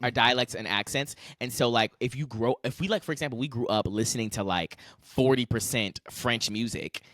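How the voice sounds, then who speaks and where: A young man co-hosting a casual podcast chat, animated and opinionated, rambling through his points. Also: mid-range voice, fairly quick. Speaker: podcast co-host.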